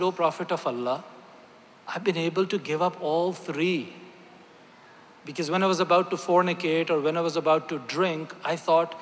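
A man's voice: fairly high pitch, slight background noise. A man, a physician, giving a rhetorical, emphatic speech with light jokes to a religious gathering in a large convention hall. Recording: long reverb of a large hall.

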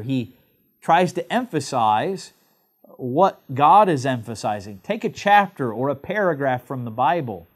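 Male preacher from England, slightly high voice, emphatic pulpit delivery. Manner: emphatic preaching with rising stresses and slow drawn-out phrases. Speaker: pastor. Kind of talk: sermon.

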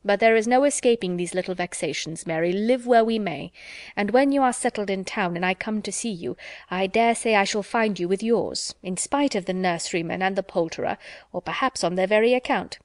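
A woman's voice: medium pitch, fairly quick, dry recording, clean studio sound, natural voice. A woman voicing a fussy, talkative married housekeeper who chatters on about her small grievances. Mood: fretful. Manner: chattering, put-upon complaining.

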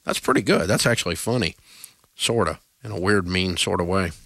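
A man's voice: low-pitched, a little fast, gravelly, a bit bright, dry recording, clean studio sound. A man with a Southern US accent hosting a talk radio show, blunt and joking in casual banter.

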